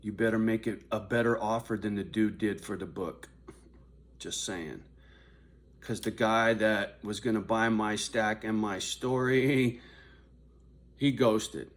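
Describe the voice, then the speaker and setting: An older man vlogging to his viewers in a confrontational, profane rant, dropping to low mutters and then rising to raised shouting. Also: fairly even intonation, measured pace. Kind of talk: angry direct-to-camera rant.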